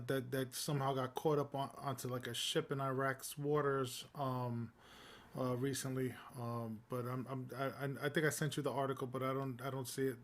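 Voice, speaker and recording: A man co-hosting a casual news podcast, talking in a rambling, informal way with many fillers. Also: medium pitch. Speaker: podcast co-host.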